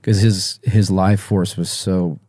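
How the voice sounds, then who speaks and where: A man guest on a podcast interview, talking haltingly with many fillers and restarts, emotional and choked up. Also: low-pitched, steady tone, warm tone. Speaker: musician guest.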